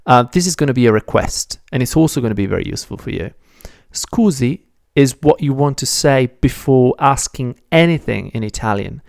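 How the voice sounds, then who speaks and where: A man's voice: medium pitch, expressive, a little fast, vocal fry, darkish tone, no echo, studio quality. A man teaching a beginner language lesson, patiently explaining step by step and correcting his own slips. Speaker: Italian teacher.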